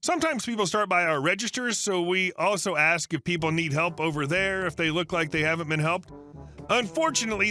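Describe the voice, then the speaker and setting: A man reading online stories aloud as a channel's narrator, in a steady scripted storytelling manner. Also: high-pitched.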